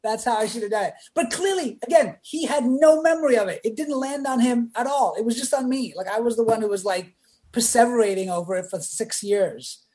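A man's voice: extremely high pitch, brisk. A man who is a podcast guest, telling a casual anecdote and acting out the voices of the people in it. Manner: animated, acts out quoted voices. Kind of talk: casual storytelling.

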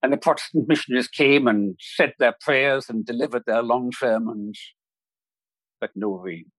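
Man, podcast guest; measured, reflective storyteller, husky, dry sound. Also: medium pitch, a bit bright, dry recording, low-quality recording. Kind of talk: storytelling in a conversation.

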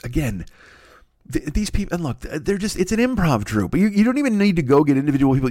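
A man's voice: medium pitch, no echo, clean studio sound. Rambling, profane comedy podcast man. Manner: rambling, animated, profane, frequent restarts. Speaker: podcast host.

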